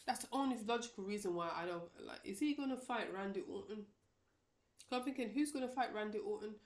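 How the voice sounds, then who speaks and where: A woman's voice: mid-range voice, fast. A woman vlogger giving casual, opinionated wrestling predictions, rambling with many restarts and fillers.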